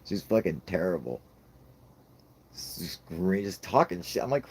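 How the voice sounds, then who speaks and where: A man's voice: sits low, very animated, a little slow, husky. A man ranting about his toddler in a casual chat, swearing constantly and laughing at his own jokes. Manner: profane, laughing, rambling comic rant. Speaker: podcast host.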